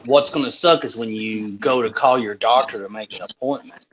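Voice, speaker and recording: A man's voice: mid-range voice, moderate pace, low-quality recording. A man co-hosting a casual podcast, making dry joking asides. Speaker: podcast co-host.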